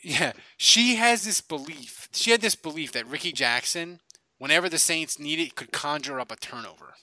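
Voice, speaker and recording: Middle-aged man from Louisiana, rambling casual storyteller, slightly high bright voice, dry recording. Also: expressive, normal speed, dry recording. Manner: rambling storyteller, many restarts and fillers. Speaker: podcast co-host. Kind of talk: casual sports chat.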